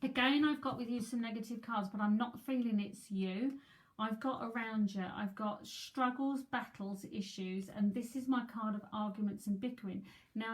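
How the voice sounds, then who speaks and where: Chatty English woman reading tarot. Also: a little high. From England. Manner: chatty, addresses viewers by name, repeats words. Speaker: psychic tarot reader. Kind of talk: live-streamed tarot reading.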